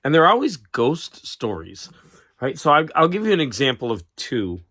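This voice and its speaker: A man chatting casually about books in a rambling, halting way, with a cough, on a close mic. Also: a little high, big pitch swings, fairly bright tone, no echo. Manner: rambling, halting, with many restarts and fillers. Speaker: vlogger. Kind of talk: casual book chat.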